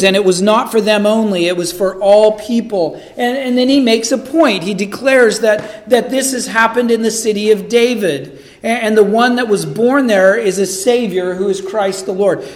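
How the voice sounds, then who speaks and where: A man's voice: sits high, normal speed, hardly any pauses. A man preaching a sermon, earnest and emphatic, often repeating words as he builds a point. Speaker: pastor.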